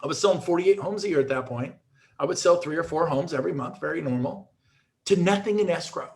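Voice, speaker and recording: A middle-aged man appears as a show guest, giving an energetic motivational talk at a fast clip. His voice is a little high for a man with a gravelly edge, and he piles up restarts as he tells his stories.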